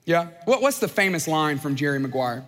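High-voiced pastor preaching in a hall. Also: male voice, expressive, brisk, a bit bright. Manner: conversational, joking asides, playful put-on voices. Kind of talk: sermon. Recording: long hall reverb.

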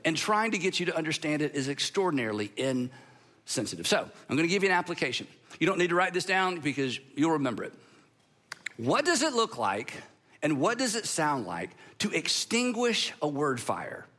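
A man with a high, bright voice delivers a sermon in a large hall. He is emphatic, lingers on slow, weighty pauses, then speeds up in lively bursts. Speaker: pastor.

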